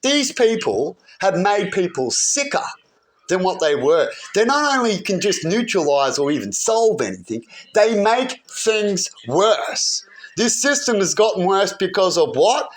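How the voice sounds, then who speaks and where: A man's voice: high voice, very animated, unhurried. A man ranting heatedly to camera, rambling and often asking "right?". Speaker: vlogger. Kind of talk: agitated personal rant.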